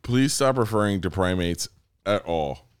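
A man co-hosting a podcast, loud and laughing, swinging between shouts and low mutters in crude banter. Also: lively intonation, a little slow, clean tone, dry recording, studio quality. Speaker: podcast co-host.

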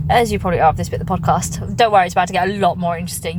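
A woman's voice: fairly low pitch, very fast. A woman of thirty-eight, a stand-up comedian talking in a chatty, self-mocking vlog style. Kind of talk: casual vlog-style monologue. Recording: noisy background.

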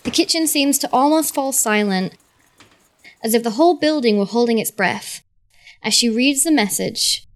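A woman's voice: fairly high pitch, expressive, normal speed. A woman narrating scenes as game master of a tabletop role-playing game, describing them steadily.

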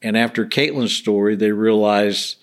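A man's voice: lowish voice, steady tone, moderate pace. Earnest middle-aged man telling stories. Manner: earnest, acts out quoted voices. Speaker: guest, bereaved father. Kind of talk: casual interview storytelling.

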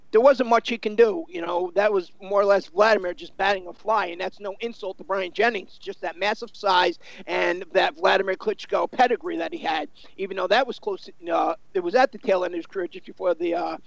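High-pitched gravelly man talking boxing. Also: dry recording, highs cut off. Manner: rambling, filler-heavy with many you-knows. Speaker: boxing analyst. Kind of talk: casual sports discussion.

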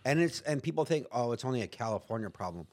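An American man guesting on a podcast tells a story in casual conversation, swearing freely and acting out other people's lines as quotes. His mid-range voice is animated, fast and somewhat dark in tone, with no echo.

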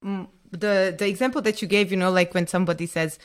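A woman hosting an interview, asking thoughtful questions with a few hesitant pauses over a remote call. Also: fairly low pitch, fairly even intonation. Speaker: interview host.

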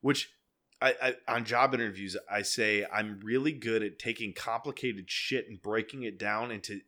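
A man's voice: fairly low pitch, fairly even intonation, moderate pace, sharp tone. A man in casual chat who explains things by breaking them down, often restarting his sentences.

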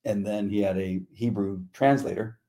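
A man's voice: fairly low pitch, fairly even intonation, normal speed, warm tone. A middle-aged man co-hosting a podcast, chatting casually and acting out quotes as he tells stories. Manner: laid-back storyteller, acts out quotes. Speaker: podcast co-host. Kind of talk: casual chat.

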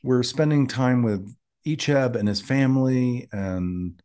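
A man's voice: medium pitch, takes it slowly. A man co-hosting a TV rewatch podcast in casual chat, acting out imagined reactions as he makes his points. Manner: animated, acts out imagined reactions in little voices. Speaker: podcast co-host.

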